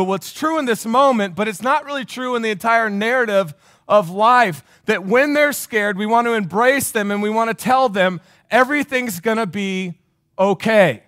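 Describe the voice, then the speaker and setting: High-voiced emphatic male pastor, dry sound. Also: a bit bright, no echo. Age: 40s. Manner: emphatic, repeats phrases, asks the crowd questions. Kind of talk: sermon.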